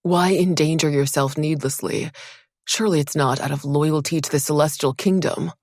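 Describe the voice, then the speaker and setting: A woman's voice: sits low, steady tone, normal speed, a little mellow, dry recording, studio quality. A woman reading the part of an earnest, protective young male soldier who speaks in intense, urgent questions in an audiobook. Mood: accusing.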